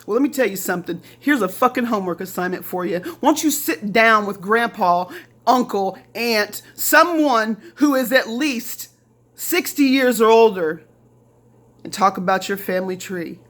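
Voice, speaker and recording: The speaker, a middle-aged woman from Lafayette, Indiana, vents in an angry direct-to-camera rant full of profanity, repeated lines and mocking quoted voices. Her mid-range voice is expressive and a bit bright, and she keeps a normal speed.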